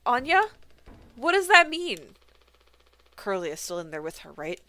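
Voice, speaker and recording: A woman voicing a stern, tense male co-pilot who talks in a clipped, forceful way. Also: deep voice, fairly even intonation, fast talker, dry recording, voice pushed down.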